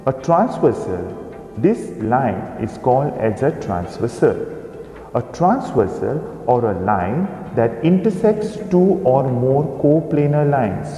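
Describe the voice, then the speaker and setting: A man teaching a recorded maths lesson, explaining slowly and pointing out figures on screen. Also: medium pitch, mellow. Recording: echoey room with long reverb.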